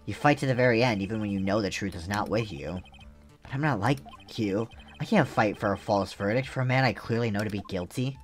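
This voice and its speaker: A man's voice: lowish voice, fairly quick, soft background music, lightly acted. A man voicing a troubled young male defense attorney, earnest and pleading, while reading game dialogue aloud. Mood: anguished.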